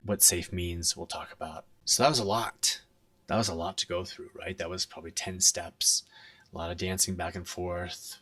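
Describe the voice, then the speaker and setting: A man's voice: low voice, a bit bright, dry recording, recorded from a distance. A man explaining a technical topic at a conference in a conversational way, often checking in with "right?". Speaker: conference speaker.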